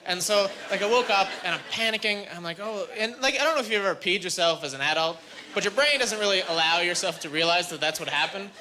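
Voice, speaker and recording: Young guy doing stand-up, high voice all over the place, club laughter and noise behind. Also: fast. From Canada. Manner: animated, jumps to high squeaky pitch when acting out voices. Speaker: stand-up comedian. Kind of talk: stand-up routine. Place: comedy club stage with audience. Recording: live club recording with audience laughter.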